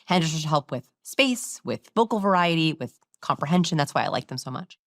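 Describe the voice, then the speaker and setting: A woman speaks in an interview with a lowish voice, lively and full of explanation. She sometimes acts out how other people talk to make her point. The sound is close and dry, with no room echo. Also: fairly quick. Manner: animated, demonstrates voices while explaining. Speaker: body language expert guest.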